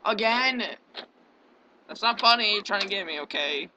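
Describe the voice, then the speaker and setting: A young man casually commenting on meme clips as he reacts to them, quick to protest. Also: sits high, animated, dull audio, very noisy. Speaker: reaction video host.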